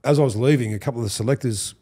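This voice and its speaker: A man's voice: medium pitch, rapid-fire, husky. An Australian man in his fifties, a former footballer, telling stories as a podcast guest and acting out the quoted people. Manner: animated storyteller who acts out quotes, swears and laughs. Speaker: podcast guest, former rugby league player. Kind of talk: casual storytelling chat.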